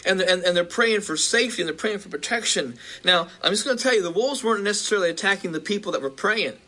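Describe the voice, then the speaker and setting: A male preacher recounting a vision, halting with restarts and building in intensity. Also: high voice, lively intonation, sharp tone.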